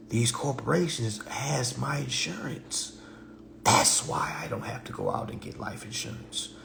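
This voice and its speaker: A man reading consumer law aloud to viewers, animated and profane, talking to them directly. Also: fairly high pitch, gravelly, slight background noise. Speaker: consumer finance commentator. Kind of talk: casual ranting while reading statute aloud.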